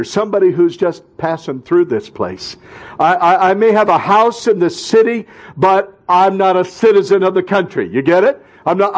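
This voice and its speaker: Male pastor, sermon delivery, husky tone, slightly high voice. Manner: preaching with rising emphatic calls and quiet drops.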